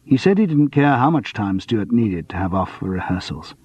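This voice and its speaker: A calm, probing man, as a narrator plays him who presses his questions in a measured, persistent way. The voice is husky with a lively rise and fall, heard in a dull, dry storybook recording. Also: fairly low pitch, dry recording. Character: calm probing man, quietly insistent investigator.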